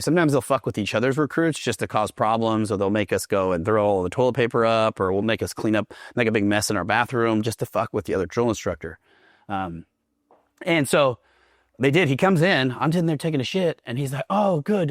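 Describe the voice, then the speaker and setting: A man's voice: medium pitch, no echo, clean studio sound. A man who is a Marine veteran, a guest in a casual interview, telling stories with plenty of swearing and laughter. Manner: profane, laughs through his stories.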